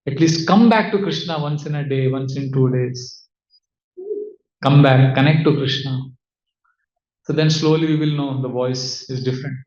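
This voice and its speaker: A man teaching as a spiritual speaker, giving a devotional talk with audience questions in a measured way, asking rhetorical questions and answering them himself. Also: mid-range voice, darkish tone. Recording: roomy, slightly dull sound.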